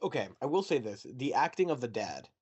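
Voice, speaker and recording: A man's voice: medium pitch, fairly quick, husky. Chatty young man podcasting. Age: young adult. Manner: chatty, animated, mocking asides. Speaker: podcast co-host. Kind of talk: casual chat.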